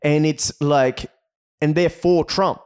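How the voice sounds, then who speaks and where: A man with an Australian accent co-hosting a casual podcast, talking in an animated way, swearing freely and restarting his sentences often. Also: on the high side, slow pace, smooth. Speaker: podcast co-host.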